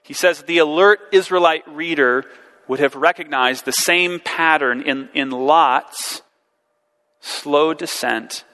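A man's voice: fairly high pitch, slow pace, bright, forceful tone, long reverb tail. A man preaching a sermon, earnest and searching, posing rhetorical questions and repeating words as he works through a passage.

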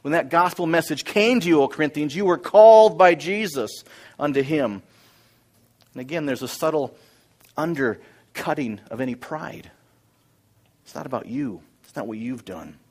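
A man's voice: fairly high pitch, lively intonation, moderate pace, long pauses, darkish tone. A man preaching a sermon through a Bible passage, emphatic and repeating key phrases as he builds his points. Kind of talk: expository sermon.

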